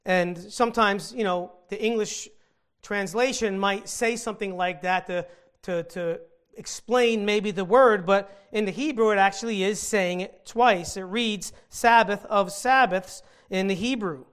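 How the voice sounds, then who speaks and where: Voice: medium pitch, unhurried, a bit bright, smooth. A Bible teacher giving an earnest scripture teaching, stopping to explain the meaning of original-language words.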